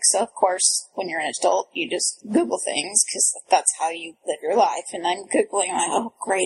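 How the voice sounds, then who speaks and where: A woman in her thirties telling a frantic personal story in casual chat, animated and breathless, full of restarts. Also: medium pitch, husky, poor audio. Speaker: guest storyteller.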